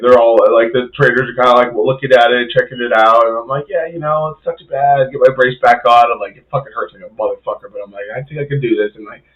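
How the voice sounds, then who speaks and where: A man's voice: medium pitch, low-quality recording. A young man, a podcast co-host and rugby player, telling a story in casual chat with plenty of swearing and filler words.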